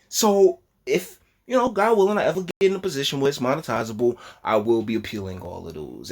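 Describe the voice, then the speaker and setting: Animated rambling male commentator. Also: medium pitch. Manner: animated, rambling, repeats words, laughs. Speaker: commentary channel host. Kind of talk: casual reaction commentary.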